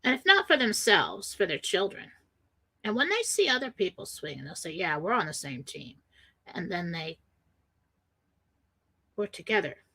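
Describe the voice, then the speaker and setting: A woman's voice: fairly low pitch, big pitch swings, moderate pace, long pauses, pushed and bright, breathy edge, low-quality recording. A woman hosting a spiritual radio talk show, telling a personal story with emotion and acting out the voices of the people in it.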